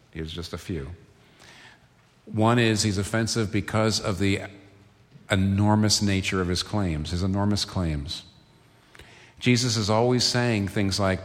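A man's voice: on the low side, fairly bright tone. A man preaching a sermon as pastor, earnest and building to emphatic peaks. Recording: long reverb of a church hall.

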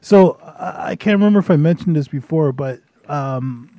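A man's voice: fairly high pitch, animated, normal speed, warm tone, dry recording. A man co-hosting a podcast, chatting in an easygoing, laid-back way. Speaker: podcast co-host. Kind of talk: casual chat.

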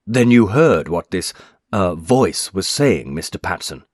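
A man reading aloud voices a stern, brisk male doctor who speaks firmly and insistently. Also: low voice, lively intonation, no echo, studio quality. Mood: stern, probing.

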